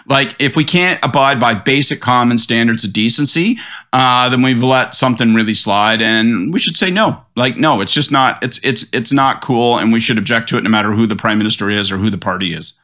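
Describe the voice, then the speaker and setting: A middle-aged man, a political commentator on a podcast panel, in an animated, profane rant. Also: medium pitch. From Canada.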